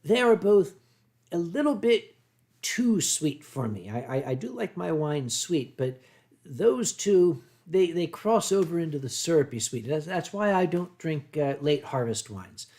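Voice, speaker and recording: A middle-aged American man talks in a Philadelphia accent, answering his stream chat at an easy ramble. His voice sits a touch high for a man. He clears his throat often and trips over his own restarts. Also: sing-song, unhurried, a little mellow. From United States. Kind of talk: casual livestream chat.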